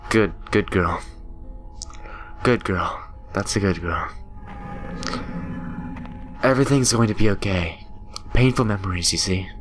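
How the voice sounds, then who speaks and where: A man reading the lines of an eerie little ghost girl in a game, soft and comforting. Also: low-pitched, a little slow, long pauses, faint music behind. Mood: eerie, soothing.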